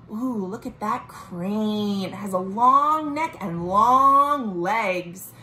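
A woman librarian reading a picture book aloud to young children at home, gentle and sing-song, asking the little listeners questions. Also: medium pitch, lively intonation, drawn-out words, hardly any pauses, roomy sound, a little hiss or hum. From United States. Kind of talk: storytime read-aloud for children.

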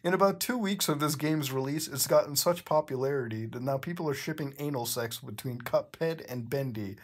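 A man's voice: fairly high pitch, husky. A man, a channel host, reading fan fiction aloud with incredulous, swearing asides. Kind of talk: comedic dramatic reading.

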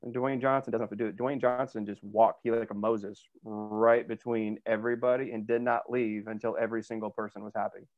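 A man's voice: lowish voice, level tone, fairly quick, hardly any pauses. A man, an actor being interviewed, telling stories in a chatty, rambling way with many fillers and restarts. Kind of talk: casual interview storytelling. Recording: dull lo-fi dry sound.

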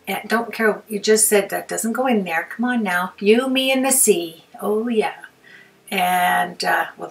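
A woman's voice: mid-range voice, distant mic, poor audio. Chatty woman demoing crafts, a bit off-mic. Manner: rambling, talks to herself while working, laughs often. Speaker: craft tutorial host. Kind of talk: chatty hands-on craft demonstration.

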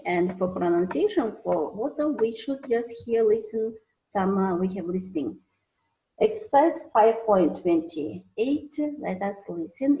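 A woman's voice: mid-range voice, mellow, rough recording. A woman teaching an English lesson, hesitant, with many fillers and restarts. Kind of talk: recorded online lesson.

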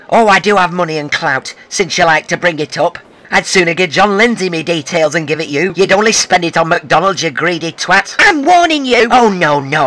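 A man's voice: sits high, sharp tone. A man, fan-dubbing foul-mouthed, feuding soap characters in a comic, insulting style. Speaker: fan comedy dubber voicing several soap characters.

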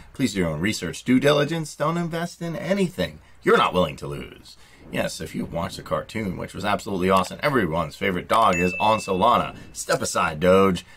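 A man with a low, slightly husky voice narrates a promotional pitch. He keeps the delivery upbeat and salesy, like a channel host hyping a product. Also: a bit bright.

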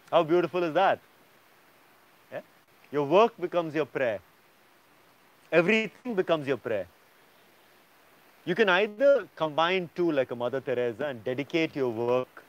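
A man's voice: on the high side, muffled recording. Emphatic male yoga teacher lecturing. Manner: emphatic, checks in with "yeah?". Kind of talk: lecture to students.

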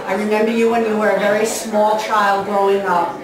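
A woman, a family friend, giving a warm, sincere and prayerful recorded message in a church hall. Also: mid-range voice, flat delivery, fairly quick. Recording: echoey hall, mic far off, crowd noise.

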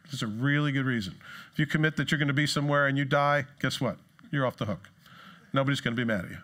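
A man preaching a sermon in a casual, joking way, acting out quoted excuses in higher, put-on voices. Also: fast talker, a bit bright. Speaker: pastor. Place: church.

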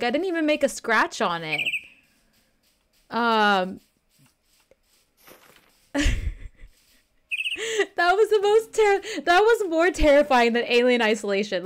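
A woman's voice: fairly high pitch, very animated, normal speed, long pauses, a little hiss or hum. A young woman streaming a game, talking in a rambling, flustered way and swearing freely as she plays. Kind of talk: live-streamed game commentary.

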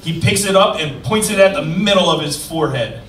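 Higher-voiced man reading stage directions. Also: animated, a little fast. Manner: dry, matter-of-fact reading, now and then breaking into laughter. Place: live stage in an event venue. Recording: echoey room, distant mic, loud background noise.

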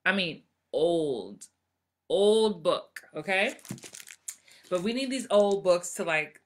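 A woman's voice: lowish voice, takes it slowly. A woman in her forties, an acting coach giving a casual live motivational talk and acting out voices she quotes. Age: 40s. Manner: animated, acts out quoted voices.

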